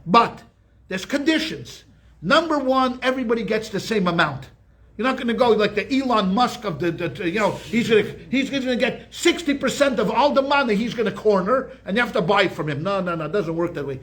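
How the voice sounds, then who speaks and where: A man's voice: sits high, a bit bright. A rabbi giving a weekly Torah class, telling jokes and stories in a chatty way, often checking in with "okay?" and restarting his sentences. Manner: chatty storyteller, keeps asking "okay?"; frequent restarts and repeated words.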